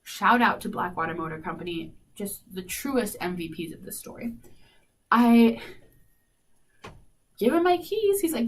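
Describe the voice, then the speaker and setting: A woman's voice: fairly high pitch, a little slow, long pauses. Young female radio host, chatty storyteller, plays out her quotes, a little distant from the mic. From South Dakota. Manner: animated, lots of "like", acts out quoted dialogue. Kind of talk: casual storytelling. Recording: faint noise, slightly distant mic.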